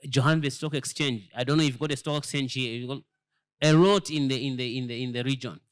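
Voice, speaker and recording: Talking fast at a medium pitch, this man from Zambia, a church elder, gives an emphatic, sermon-like lesson packed with rhetorical questions. He tends to repeat words as he hunts for them, and the sound is clean.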